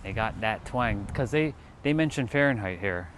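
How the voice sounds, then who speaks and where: A man's voice: lowish voice, animated, moderate pace, a bit bright, a little hiss or hum. A man from California hosting a casual livestream, chatting and counting reps between exercises. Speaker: livestream host. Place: outdoors in hot weather.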